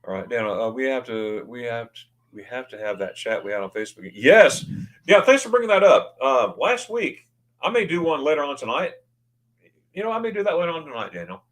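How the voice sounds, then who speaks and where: A man's voice: medium pitch, sing-song, fairly quick, a bit bright. A man hosting a casual livestream from his own desk mic, chatting loosely and reading viewer comments aloud. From United States. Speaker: livestream host. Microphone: new desk microphone.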